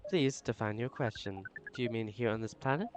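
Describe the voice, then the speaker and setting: A man's voice: mid-range voice, a little fast, noisy background, natural voice. A man voicing a formal, literal-minded alien woman of a hive mind in a visual novel, speaking of herself as "we" with stiff precision. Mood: earnest. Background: game music.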